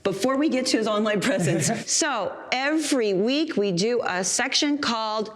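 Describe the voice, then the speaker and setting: A woman's voice: fairly high pitch, expressive, normal speed. Bubbly, enthusiastic woman talk show host. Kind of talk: upbeat talk show hosting.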